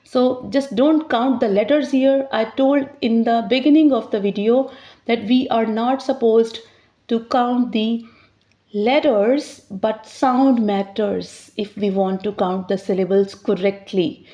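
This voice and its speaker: Slow, patient woman teaching pronunciation. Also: fairly high pitch, steady tone, dark tone. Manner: slows down to sound out words clearly. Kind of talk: slow, deliberate teaching explanation. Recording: slightly dull, lo-fi sound.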